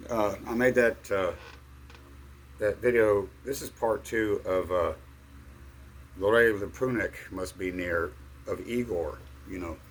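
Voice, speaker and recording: A middle-aged man telling a rambling personal story in a halting way, full of fillers and restarts. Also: on the low side, slight background noise. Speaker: vlogger.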